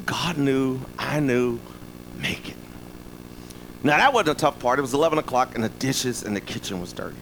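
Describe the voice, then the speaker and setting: A man's voice: mid-range voice, animated, moderate pace, background noise. A man preaching a sermon in a loose, conversational way, often checking in with "right?". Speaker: pastor.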